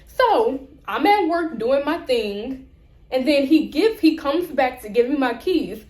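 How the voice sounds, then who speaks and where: A woman's voice: sits high, measured pace, echoey room. A young woman vlogger telling a rant-style story, acting out the people in it. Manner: animated, acts out both sides of conversations.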